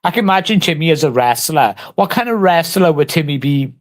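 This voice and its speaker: A man's voice: on the high side, expressive, brisk. Taunting man, crude banter. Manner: taunting, profane, mock-threatening banter. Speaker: livestreamer. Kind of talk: casual livestream chat.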